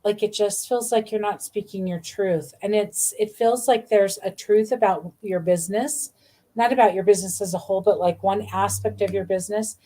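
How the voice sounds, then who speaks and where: Gushing, mellow-voiced woman reading cards live. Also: mid-range voice, steady tone, moderate pace. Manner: gushing, warm, meandering with many fillers. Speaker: intuitive card reader hosting a live stream. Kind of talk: casual live card reading.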